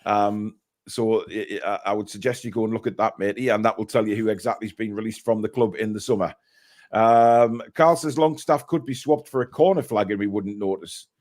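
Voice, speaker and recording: A man's voice: fairly low pitch, fairly even intonation, fairly quick, a little mellow. A man hosting a casual live stream, reading out viewer messages and giving blunt opinions.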